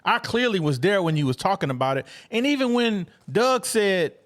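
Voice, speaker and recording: A man co-hosting a sports podcast in casual chat, animated and repeating himself as he works through a point. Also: sits high, moderate pace. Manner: animated, restarts a lot, mock-quotes trolls. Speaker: podcast co-host.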